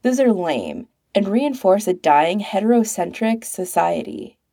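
A woman's voice: mid-range voice, lively intonation, a little slow, mellow. A woman reading the part of a blunt, dryly wry young man.

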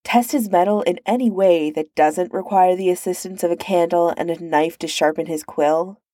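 A woman's voice: fairly low pitch, normal speed, dark tone, no echo, lightly acted. A woman voicing an arrogant, sardonic young male prince with a dry delivery in a storybook reading.

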